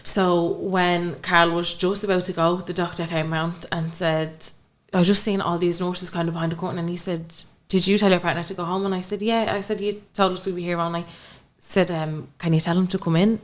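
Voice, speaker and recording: This young adult podcast guest has an Irish accent and a fairly low voice with fairly even intonation. Telling an emotional story from her own life in conversation, she speaks briskly with few pauses and acts out the quoted dialogue.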